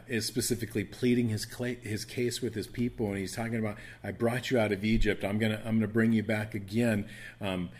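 A man teaching a Bible study, reading verses and explaining them in an earnest, conversational way, often restarting phrases and rising in emphasis. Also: fairly low pitch.

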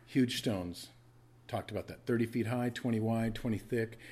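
A man's voice: on the low side, normal speed, a little mellow, slightly rough. A man preaching a sermon, teaching with emphatic repetition and conversational asides to his congregation. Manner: emphatic teaching, repeats key words for stress, asks listeners to take notes. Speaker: pastor.

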